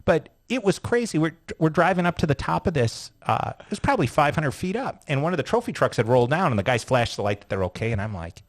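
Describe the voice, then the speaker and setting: Profane, animated male storyteller. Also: a little high, fast talker, few pauses. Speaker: interview guest, retired sports car driver. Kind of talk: casual storytelling interview.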